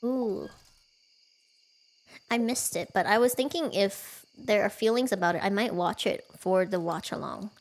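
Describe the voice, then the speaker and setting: A woman's voice: mid-range voice, a little slow. A woman streaming a cozy farming game from home, chatting casually with her viewers, giggling often and poking fun at herself. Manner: chatty, giggly, self-deprecating.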